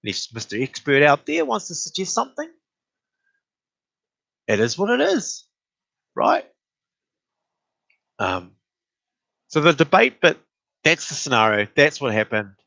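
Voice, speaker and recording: A man's voice: a little slow, gravelly, long pauses, no room sound. A man telling a story about an argument in a casual, exasperated way. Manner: animated, exasperated retelling with rising pitch.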